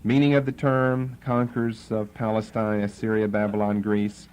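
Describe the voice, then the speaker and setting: A man's voice: lowish voice, level tone, moderate pace, darkish tone. A man teaching an evening Bible lesson to a live audience, conversational with playful asides to the room.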